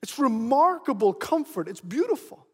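A man's voice: extremely high pitch, big pitch swings, moderate pace, a bit bright, husky. A man preaching a sermon as pastor, emphatic and prone to repeating phrases. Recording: long hall reverb.

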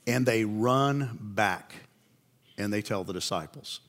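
A man's voice: on the low side, slow, a bit bright. A man preaching a sermon, telling the story in a conversational way and asking his listeners questions.

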